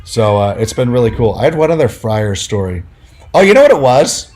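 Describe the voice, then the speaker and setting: Chatty man telling animated stories. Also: medium pitch, a little fast. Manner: animated, filler-heavy, acts out quoted people. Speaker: podcast guest, fantasy football analyst. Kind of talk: casual storytelling.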